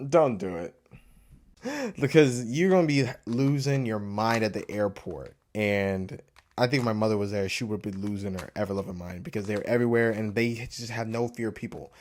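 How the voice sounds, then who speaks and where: A man's voice: lowish voice, moderate pace, a little mellow. A young man chatting loosely to camera in a casual travel vlog, full of filler words. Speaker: vlogger.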